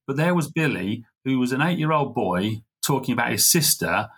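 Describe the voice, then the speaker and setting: A middle-aged man, a podcast guest, telling a heartfelt story in an earnest, halting way. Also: medium pitch, lively intonation, a bit bright, husky. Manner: earnest, halting, full of fillers and restarts. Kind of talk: conversational storytelling.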